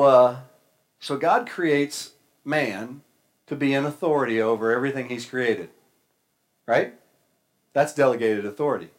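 A male preacher delivering a sermon with a folksy, easygoing touch and a bit of humor. His voice sits at an ordinary middle pitch, and he talks to the congregation as if chatting with them. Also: poor audio.

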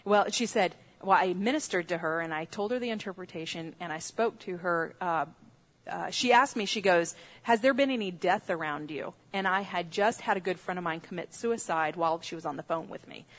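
A woman's voice: on the low side, brisk, a bit bright. A woman who teaches on dreams, telling a story in a sermon in a chatty way, with restarts and laughs.

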